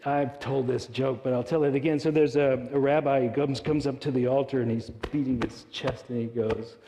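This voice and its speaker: A man preaching a sermon and leading a meditation in a church, gentle and unhurried, with soft pauses. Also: medium pitch, fairly even intonation. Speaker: minister. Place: church sanctuary. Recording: long reverberant hall sound.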